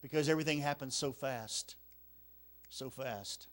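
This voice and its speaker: A man preaching at a church revival, telling a story with emotion, often repeating words and dropping very quiet at the sad parts. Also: medium pitch, measured pace. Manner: emotional, repeats words, drops to near-whisper at sad moments. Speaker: evangelist. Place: church sanctuary.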